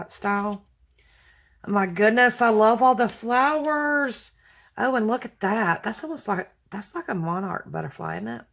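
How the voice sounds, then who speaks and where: Opening craft mail for her viewers, a woman talks casually in a creaky, mid-range voice, gushing with excitement and exclaiming her thanks.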